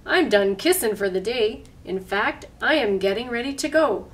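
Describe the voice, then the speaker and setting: A woman's voice: on the high side, expressive, normal speed, natural voice. A woman voicing an easygoing frog prince. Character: easygoing male frog brushing his teeth.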